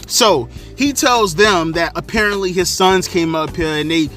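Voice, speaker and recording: Heated, profane man with a bright voice. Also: high voice, measured pace, soft background music. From South Florida. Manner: profane, heated, animated retelling. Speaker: storyteller vlogger. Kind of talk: casual storytelling rant.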